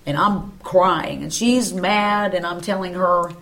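A woman's voice: fairly low pitch, takes it slowly, fairly bright tone. A woman, a guest at a church round table, telling an emotional personal testimony and acting out the dialogue in her story.

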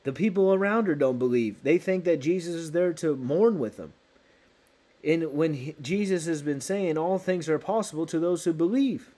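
A man's voice: a little high, normal speed, dark tone. A man preaching a sermon, emphatic and repeating key phrases for stress.

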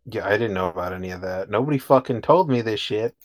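A relaxed man with a fairly low voice chats as a co-host. He talks in an easygoing way, chuckles often and swears offhandedly. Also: quick pace. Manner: laid-back, chuckling, swears casually. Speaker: podcast co-host. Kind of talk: casual chat.

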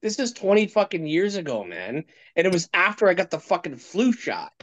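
A man's voice: high voice, very animated, fairly quick, a bit bright, no room sound. Blunt, swearing man, dull sound. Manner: profane, blunt. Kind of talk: casual chat.

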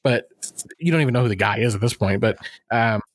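A man co-hosting a casual podcast, telling stories with animation. He pitches up to act out other people's lines. His voice sounds dry and close, with no room echo. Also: quick pace. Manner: animated storyteller, acting out quotes in higher voices. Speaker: podcast co-host. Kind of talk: casual chat.

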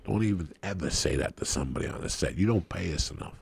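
A man's voice: sits low, animated, quick pace, creaky, darkish tone, breathy edge. A middle-aged man, a guest comedian, telling a rowdy, profane story on a podcast and acting out the people in it.

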